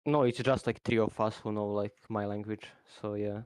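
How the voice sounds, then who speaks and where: Halting man with a low voice. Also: steady tone, darkish tone, smooth, no echo. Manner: halting, repetitive, broken phrasing. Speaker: caller. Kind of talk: casual debate call.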